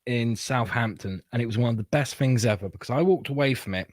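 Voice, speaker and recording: A man's voice: medium pitch, fast talker, no room sound. A British man from Britain, a comic writer guesting on a podcast, talking bluntly and emphatically. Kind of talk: casual podcast chat.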